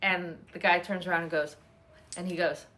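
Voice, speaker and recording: A woman's voice: fairly low pitch, fairly even intonation, normal speed, a bit bright. A woman hosting a casual chat at home, talking in a rambling, chatty way with many fillers. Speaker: host.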